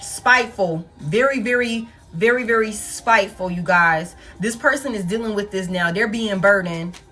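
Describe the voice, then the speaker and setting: A woman's voice: mid-range voice, normal speed, bright, forceful tone, soft background music. A woman reading tarot in a casual, blunt monologue, swearing often and repeating phrases for emphasis. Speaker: tarot reader. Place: home setup, soft music playing behind her.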